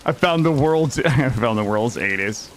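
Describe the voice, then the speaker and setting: An excitable man commentating his gameplay for a live chat, swearing freely. His pitch jumps around a lot. Faint rain noise sits behind him. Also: moderate pace. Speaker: game streamer.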